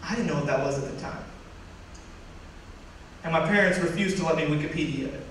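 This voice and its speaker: A young man giving a personal story talk to an audience, animated and acting out what others said. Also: fairly high pitch, brisk, a little hiss or hum. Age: young adult. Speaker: student speaker. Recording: echoey hall from far off.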